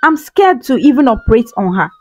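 A woman's voice: a little high, very animated, brisk, darkish tone, soft background music. Woman voicing a grave male doctor. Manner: grave, sighing. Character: serious, doubtful male hospital doctor.

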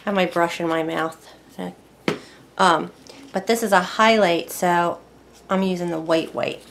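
A woman's voice: lowish voice, fairly even intonation, normal speed, a little hiss or hum. A woman teaching decorative painting in a casual tutorial, chatting and thinking aloud as she works at a close mic.

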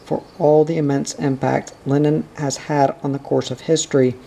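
A man reads nonfiction aloud in a steady, measured way. His voice is mellow and warm, and his pitch barely moves from line to line. Quoted dialogue stays low-key inside the narration. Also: creaky, breathy edge, rough recording. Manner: even, measured reading with quiet quoted dialogue. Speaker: audiobook reader.

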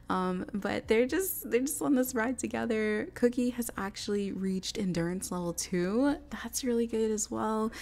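A bubbly young woman talks through her life-sim game play in a chatty, giggly way. Her voice sits at an ordinary middle pitch, relaxed and conversational. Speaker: game narrator.

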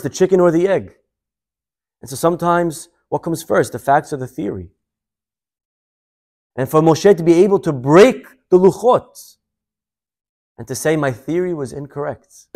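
A male rabbi giving a sermon, telling a story in an animated, conversational way. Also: on the high side, normal speed, pauses often.

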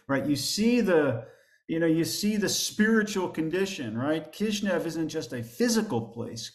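A man's voice: mid-range voice, darkish tone. Guy rabbi giving a class, lots of um and uh, restarts a bunch, echoey room. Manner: halting, many fillers and restarts; reads quoted texts aloud with more emphasis. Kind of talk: lecture with slides. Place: synagogue classroom. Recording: roomy echo.

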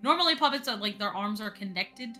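Sex: woman. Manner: bright, chatty, rambling. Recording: faint music behind. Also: medium pitch, expressive, fast. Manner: chatty, rambling with many fillers. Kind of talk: casual live-stream chat.

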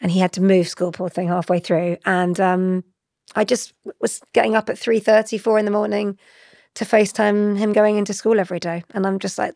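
A chatty woman in her forties with a gravelly, fry-tinged voice. She talks animatedly and laughs easily. She is recorded close on a dry studio mic. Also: mid-range voice, fairly even intonation, a little fast, a little mellow, no echo. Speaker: guest. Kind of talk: conversational interview.

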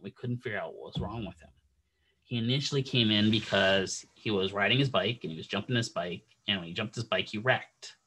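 A man teaching physical therapy, telling a long clinical story in a casual lecture style and acting out the dialogue as he goes. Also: fairly low pitch. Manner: animated anecdote-telling, acts out quoted dialogue.

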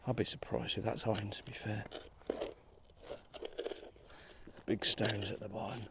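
A man with a Midlands accent, out of breath, chatting excitedly to the camera outdoors while metal detecting in a field. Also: lowish voice, unhurried, vocal fry, noisy background. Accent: English Midlands. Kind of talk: casual outdoor commentary.

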